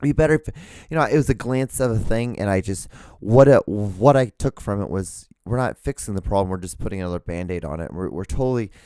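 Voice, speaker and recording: A man's voice: on the low side, brisk, dark tone, clean tone, dry recording, studio quality. A man hosting his own podcast in a casual, rambling solo monologue, profane and self-mocking. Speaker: podcast host.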